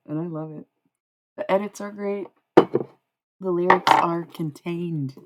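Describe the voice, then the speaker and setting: A young woman with a notably low voice talks loosely to her live-stream chat. She laughs a lot and drops casual swears as she rambles. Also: a little slow, pauses often, heavy background noise.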